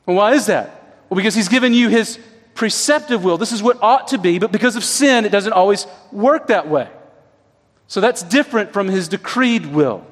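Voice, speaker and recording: A man with a high-pitched voice delivers a sermon in a chatty, conversational way, often tossing in quick tag questions to his listeners. His voice rings out with a long reverb, as if in a large church sanctuary. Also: animated. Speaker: preacher.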